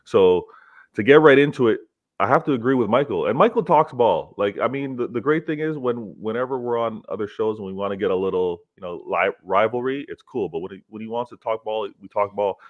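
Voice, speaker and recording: A low-pitched man chatting about football in a relaxed, measured way. The audio is dull and lo-fi, as if from a basic stream. He fills gaps with easy agreeing murmurs. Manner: relaxed, measured talk with many agreeing fillers. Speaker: co-host. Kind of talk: casual football chat.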